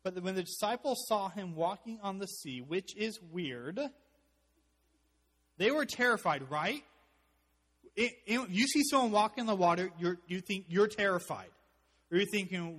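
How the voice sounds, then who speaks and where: An animated man preaching as pastor, his voice sitting a bit high for a man. He mixes joking asides with hushed, earnest passages, and a long reverb trails behind him. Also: normal speed. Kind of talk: sermon.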